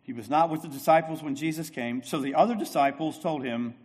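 A man's voice: a little high, fairly quick, breathy edge. Emphatic preaching man in a reverberant hall. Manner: emphatic, repeats phrases, shifts loud and soft. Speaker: pastor. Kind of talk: sermon.

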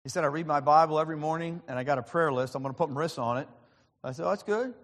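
A man's voice: a little high, fairly even intonation, racing, a bit bright. A man preaching a sermon, telling a personal story in an earnest, conversational way. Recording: long reverb of a large hall.

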